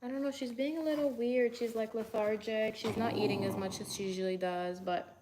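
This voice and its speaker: A woman's voice: fairly high pitch, steady tone, brisk, heavy background noise. A tired young woman chatting casually to viewers on a livestream from her bedroom, talking to her dog now and then. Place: bedroom at home.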